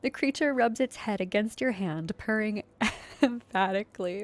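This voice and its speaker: A woman's voice: mid-range voice, moderate pace. A young woman with a Philadelphia accent, playing a story game, reading narration aloud with chatty, giggly asides. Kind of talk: casual game playthrough narration.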